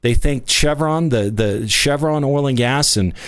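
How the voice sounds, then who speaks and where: A man's voice: medium pitch, unhurried, no room sound. A man giving emphatic, unscripted market commentary, full of rhetorical questions and restarts. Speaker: oil investment company presenter.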